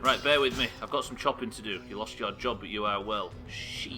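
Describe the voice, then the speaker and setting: A man's voice: fairly low pitch, brisk. Sweary man streaming a game. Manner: sweary, joking, self-deprecating. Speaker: gaming streamer. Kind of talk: live gameplay commentary and chat. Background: game music and sounds.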